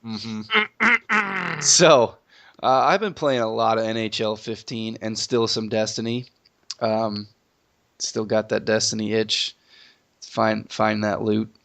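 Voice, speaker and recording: A man hosting a casual gaming podcast, a little sick and sniffly, joking in a relaxed way. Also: fairly low pitch, measured pace, vocal fry. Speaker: podcast host.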